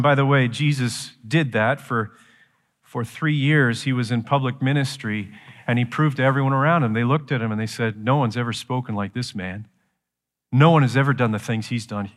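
A man preaching a sermon as pastor, shifting from quiet explanation to loud, slow, emphatic lines. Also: mid-range voice, long reverb tail.

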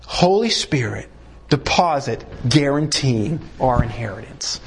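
In this sermon, a male pastor speaks a little slowly over slight background noise. He plays out little conversations between God and a sinner, preaching animatedly with big pitch swings and punchy emphasis on key words.

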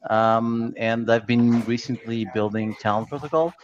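A man from Portugal, a guest on a live panel, talking in a relaxed, easygoing way. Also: medium pitch, normal speed. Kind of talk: casual panel chat. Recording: dull lo-fi audio.

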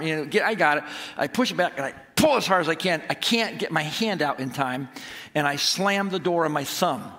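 A man preaching a sermon, telling a family story in an animated way before turning to scripture. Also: on the high side. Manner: animated storytelling, acts out his own shouts. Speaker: pastor. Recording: long hall reverb.

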